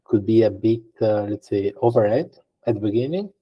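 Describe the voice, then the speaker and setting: A man's voice: lowish voice, normal speed, husky, muffled recording. A man answering as a guest in a podcast interview, explaining things conversationally and thinking aloud with frequent fillers and restarts. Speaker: guest data engineer.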